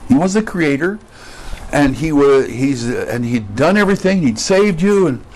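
A man's voice: a little high, lively intonation, normal speed, a little mellow. Man preaching in a conversational teaching style. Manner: conversational teaching with asides and rhetorical questions. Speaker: pastor. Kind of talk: sermon.

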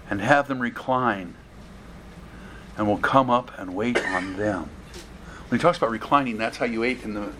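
Guy preaching, asks the crowd stuff, does little voices for the bible bits, bit of background hiss. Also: mid-range voice. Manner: animated, acts out scripture voices, asks the audience questions. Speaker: pastor. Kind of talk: expository sermon.

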